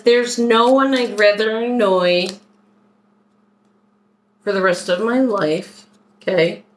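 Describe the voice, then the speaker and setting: Slow, chatty woman unboxing a haul. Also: mid-range voice, a bit bright, slight background noise, poor audio. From Philadelphia, US. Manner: chatty, unhurried, talks while unpacking items. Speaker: vlogger doing a shopping haul. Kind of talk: casual haul video chat.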